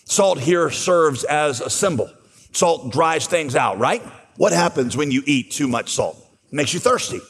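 A man's voice: a little high, slightly rough. A man preaching a sermon, telling a Bible story and voicing its dialogue as he goes. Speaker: pastor. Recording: long hall reverb.

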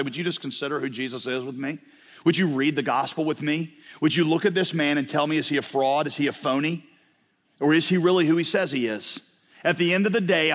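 A man's voice: on the high side, fairly bright tone. Emphatic man preaching in a big hall. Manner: emphatic, rhetorical questions, repetition. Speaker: pastor. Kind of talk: sermon. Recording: reverberant hall recording.

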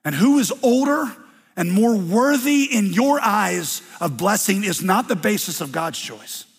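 A preacher playing sly smooth-talking Jacob. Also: male voice, a little high, sing-song, fairly bright tone, big-room sound, exaggerated voice. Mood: firm. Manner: ingratiating, quick. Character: scheming younger son Jacob, smooth-talking.

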